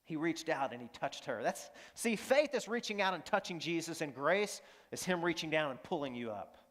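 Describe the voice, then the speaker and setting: Earnest preacher with a high-ish voice in an echoing hall. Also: male voice, sing-song, moderate pace, a bit bright. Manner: earnest, repeats lines for emphasis, asks the audience questions. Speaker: pastor. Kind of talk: sermon. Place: high school auditorium. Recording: long hall reverb from the auditorium.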